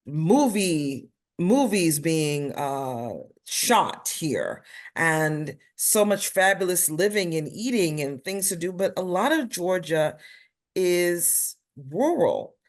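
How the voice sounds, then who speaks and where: A woman's voice: fairly low pitch, animated, takes it slowly. A woman with a New York accent, a nurse and health policy advocate, talking as a guest in an interview, emphatic and playful when she tells a story. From Brooklyn, New York. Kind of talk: panel interview conversation.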